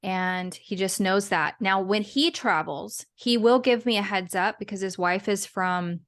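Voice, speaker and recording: A woman's voice: mid-range voice, a little slow, a bit bright. Chatty woman guest, rambling. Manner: chatty, rambling with restarts and laughs. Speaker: guest, business owner and podcaster. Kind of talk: casual interview chat.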